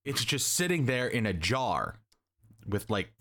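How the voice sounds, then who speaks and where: A man's voice: medium pitch, sing-song, measured pace, a bit bright. A young man in casual chat, rambling and joking as he recaps a story and acts out the characters' lines. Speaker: podcast co-host recapping a comic.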